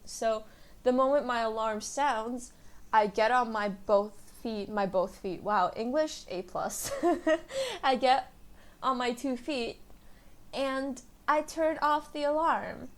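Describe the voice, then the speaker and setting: Young woman podcaster chatting away, kinda high voice, laughs at herself a lot. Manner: rambling, self-mocking, giggly. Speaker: podcast host. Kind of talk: casual solo podcast chat.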